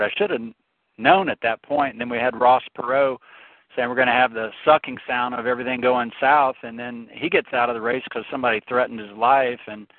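A mid-range male voice delivers an impassioned, opinionated political rant on a talk show, weaving in stories and frequently starting over. The sound is dry and tinny like a phone, with no echo.

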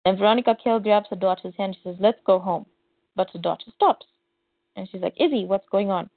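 Animated woman retelling a comic, tinny line. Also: mid-range voice, fairly quick, creaky, dry recording. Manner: animated retelling with quoted voices. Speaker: podcast co-host. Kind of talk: casual comic recap, reading dialogue aloud. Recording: tinny phone-like dry audio.

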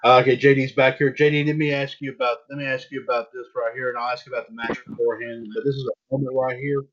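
A man hosts a loose wrestling chat, tossing questions to his co-hosts between fillers and restarts. His voice sits in a middling pitch. The audio is a little muffled and lo-fi. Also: level tone. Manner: halting, many restarts and fillers. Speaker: podcast host.

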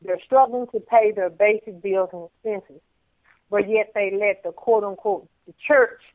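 A woman speaking on a discussion show, emphatic and preachy, often dropping to a softer voice. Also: mid-range voice, steady tone, normal speed, dry recording. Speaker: guest. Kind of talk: casual discussion. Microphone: phone call. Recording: tinny phone line.

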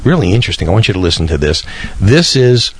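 A man's voice: low voice, expressive, racing, a little mellow, husky, no room sound. A man, hosting a podcast in a rambling, chatty way with small laughs. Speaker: podcast host. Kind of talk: casual radio-style podcast hosting.

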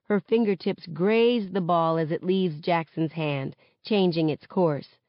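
A woman reading a novel aloud in the first person, with expressive narration. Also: fairly low pitch, unhurried, no echo, muffled recording. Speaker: reader of a novel. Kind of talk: audiobook-style novel reading.

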